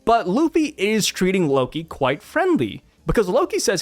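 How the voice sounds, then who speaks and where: Excitable high-voiced young male commentator. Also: normal speed, hardly any pauses, no echo, faint music behind. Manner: excitable, chatty, asks viewers questions. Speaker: anime and manga commentator. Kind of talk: casual chapter breakdown.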